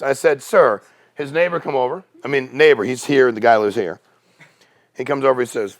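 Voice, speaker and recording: A man's voice: medium pitch, normal speed. Casual storytelling man, middle-aged. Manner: casual, animated storyteller acting out quoted voices. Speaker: company CEO speaking at a sales meeting. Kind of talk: storytelling talk to a business audience.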